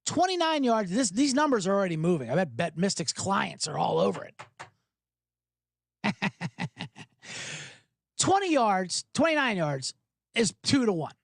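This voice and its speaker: A man's voice: high voice, very animated, a little slow, gravelly, pauses often, no room sound. A man hosting a sports betting podcast, talking in a hyped, rambling way, swearing and spinning jokey analogies. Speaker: podcast host.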